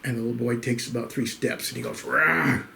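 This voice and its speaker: A middle-aged man with a gravelly, creaky voice hosts a casual weekly show. He talks straight to his listeners in a folksy way and tells jokes. His pitch sits in the middle range for a man. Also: completely flat delivery, quick pace, slight background noise. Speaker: host. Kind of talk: casual monologue telling jokes.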